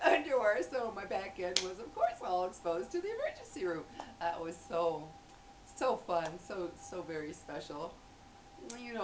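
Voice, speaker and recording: A woman's voice: lowish voice, distant mic, poor audio. A chatty middle-aged woman talking to her camera at home, often breaking into laughter as she acts out small scenes. She sits a little back from the mic, with a faint hum underneath. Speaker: vlogger. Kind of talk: casual chat to camera.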